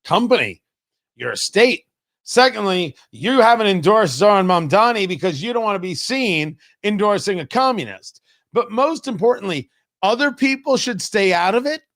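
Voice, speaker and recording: Lively, animated male talk host. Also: high voice, moderate pace. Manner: animated and sarcastic, talking straight to listeners. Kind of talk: opinionated political commentary.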